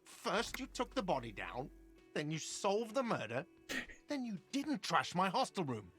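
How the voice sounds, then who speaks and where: A man's voice: high-pitched, huge pitch swings, measured pace, fairly bright tone, soft background music, full character voice. An actor voicing a whiny, sarcastic male hostel manager in a video game. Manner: sarcastic, irritable.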